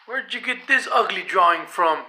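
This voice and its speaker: A spoiled, cowardly young boy, played by a male storyteller, sneering and scornful. His voice is pitched a little up and sharp. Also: lively intonation, normal speed, slight background noise, full character voice.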